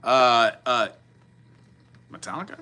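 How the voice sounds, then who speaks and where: A man live-streaming as a musician, chatting casually with viewers between songs in a rambling, quick-aside way. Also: medium pitch, bright, forceful tone, clear, resonant tone. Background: guitar playing.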